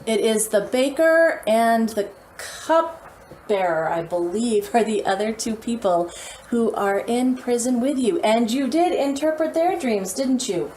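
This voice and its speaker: A woman's voice: fairly high pitch, expressive, measured pace, a little mellow. A woman asking playful, leading questions in a mock church interview. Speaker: skit interviewer. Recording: roomy with faint noise.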